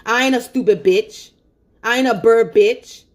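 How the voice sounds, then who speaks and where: A woman's voice: on the high side, measured pace. A woman on a phone livestream, venting angrily in a profane, repetitive rant. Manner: angry, profane and repetitive ranting.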